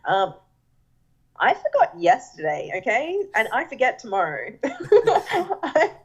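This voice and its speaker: A woman's voice: fairly high pitch, huge pitch swings, slow, slightly rough. A woman in her thirties with an Australian accent, chatting casually as a podcast guest and laughing at herself. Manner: chatty, laughs easily, self-mocking.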